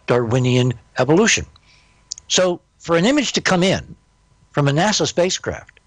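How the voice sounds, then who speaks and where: A man's voice: on the high side, no room sound. Older man, emphatic storyteller, dry sound. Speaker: interview guest. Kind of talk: storytelling in a podcast interview.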